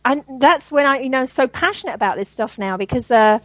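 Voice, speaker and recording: A woman's voice: high-pitched, animated, fast talker, dry recording, low-quality recording. A woman guest on a spiritual talk show, speaking earnestly and at length with frequent fillers and laughs. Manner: earnest, rambling, laughs often. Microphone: radio show line.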